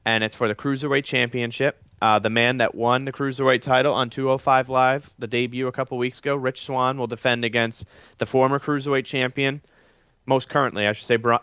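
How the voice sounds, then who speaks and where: A man co-hosts a wrestling podcast and steadily leads the discussion. His voice is smooth and resonant. The recording is dry and close. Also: mid-range voice, a bit bright, no echo. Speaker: podcast co-host. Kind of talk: casual wrestling talk.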